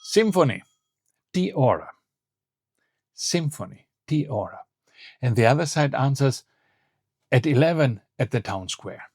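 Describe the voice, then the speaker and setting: Male language teacher, mid pitch, dry close mic, clear slow phrasing. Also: animated, a little mellow, dry recording. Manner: clear, slow model phrases with quiz prompts. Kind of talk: online language lesson.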